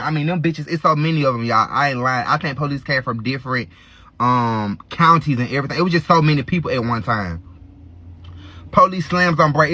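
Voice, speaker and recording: A man's voice: fairly high pitch, bright, forceful tone. A man telling a graphic personal story in a casual vlog, speaking straight to his viewers in a raw, unfiltered way. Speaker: storytime vlogger.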